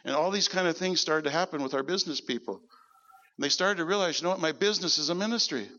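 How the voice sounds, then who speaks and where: A man preaching as pastor, telling stories in an animated sermon and quoting people in a lower voice. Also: fast, in a large hall, highs cut off. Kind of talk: sermon storytelling. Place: church service.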